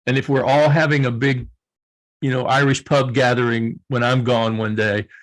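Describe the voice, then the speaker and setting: A man's voice: medium pitch, flat delivery, normal speed. A middle-aged man with a Southern US accent, speaking as a guest coach in an earnest, reflective way and often restarting his phrases.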